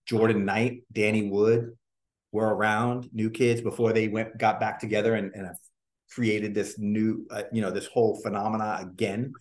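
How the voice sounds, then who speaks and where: A man's voice: lowish voice, level tone, moderate pace. A man in an interview telling casual stories about his music career, rambling with restarts and the odd swear. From Orlando. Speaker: guest, former boy band member.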